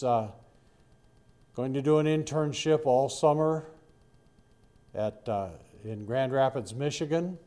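A man's voice: medium pitch, dark tone. An older man preaching a Bible-study sermon in a folksy, rambling way, with asides to his listeners.

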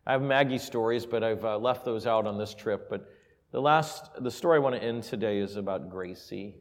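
A man preaching a sermon and telling a personal story, moving from quiet, intimate asides to loud, emphatic peaks. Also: fairly low pitch, fairly quick. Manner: emotional, builds from soft asides to loud emphasis. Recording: reverberant hall.

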